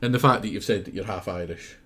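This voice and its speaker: A man's voice: fairly low pitch, fast talker, sharp tone. A Scottish man streaming a game live, chatting and teasing his viewers in a casual, chatty way.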